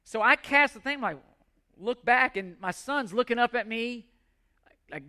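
A man's voice: very high voice, measured pace, sharp tone, clean tone. A middle-aged man preaching a sermon, earnest and pleading, often repeating words as he restarts. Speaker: pastor.

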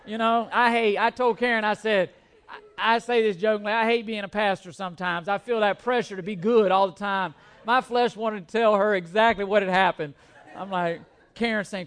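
A pastor in the pulpit with a notably high voice for a man, his delivery lively and full of self-mocking humor. He is a middle-aged man who tells a story with quick restarts, then settles into preaching. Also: smooth. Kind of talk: sermon with humorous personal story.

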